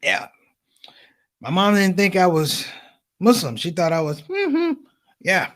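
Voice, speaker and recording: A man's voice: sits high, takes it slowly. A man doing stand-up comedy, telling stories to the audience and calling them brothers and sisters. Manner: animated storytelling, addresses audience as brothers and sisters.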